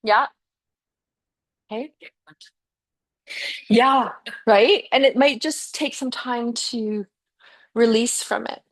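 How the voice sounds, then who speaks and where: A woman's voice: a little high, slow pace, pauses often. A woman teaching a yoga and fascia class. She guides and encourages her students in a chatty way, with frequent "yeah" and "okay". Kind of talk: guiding a live yoga class.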